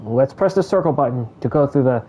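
A man's voice: medium pitch, expressive, a little fast, slightly rough, lo-fi sound. A man giving casual let's play commentary who explains the controls as he plays. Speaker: gameplay commentator.

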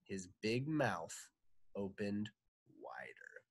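A man, a teacher, reading a children's storybook aloud in a playful, animated way. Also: on the low side, extremely slow, husky, no echo.

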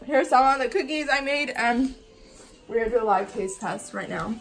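A woman's voice: on the high side, moderate pace, soft background music, low-quality recording. A woman vlogging casually in a bubbly, gushing way, first in a kitchen and then at an outdoor holiday display. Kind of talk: casual vlog chat.

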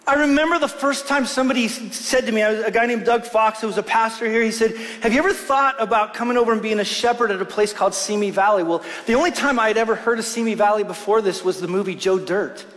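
Male pastor, middle-aged, high voice, earnest sermon delivery, long church reverb. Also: a bit bright. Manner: earnest, slows down to stress scripture. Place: church hall.

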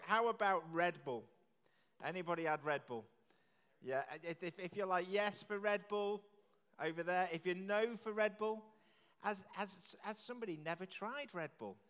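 Chatty preacher in echoey church. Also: male voice, high-pitched, fairly bright tone, smooth. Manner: jokey, chatty, quizzing the audience with quick questions. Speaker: preacher leading a church service. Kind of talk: playful all-age talk with the congregation. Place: large church with long reverb.

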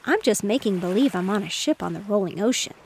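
A woman reading the part of an excited little boy in a bedtime storybook, her voice slightly raised and gravelly. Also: medium pitch, quick pace, a little hiss or hum, rough recording. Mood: eager. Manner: excited, eager.

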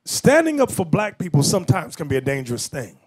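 High, lively preaching man. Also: fairly quick, breathy edge. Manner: preachy, shouts for emphasis, quotes others. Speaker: bishop preaching. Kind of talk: animated sermon with storytelling.

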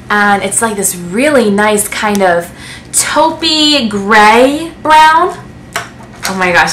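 A woman in a casual beauty vlog, unboxing gifts to camera and gushing with excitement. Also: medium pitch, a little hiss or hum. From United States. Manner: gushing, excitable, breathless with delight. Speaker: beauty vlogger. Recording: echoey room.

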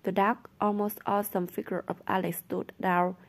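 A woman narrating a novel aloud in a soft reading voice that turns whispery at times. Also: medium pitch, flat delivery, normal speed.

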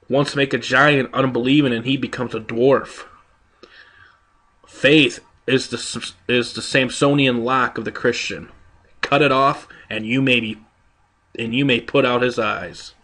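A man's voice: mid-range voice, fairly bright tone. A man reading a sermon aloud in an emphatic, rhetorical manner, building long lists and voicing quoted speakers. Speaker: preacher.

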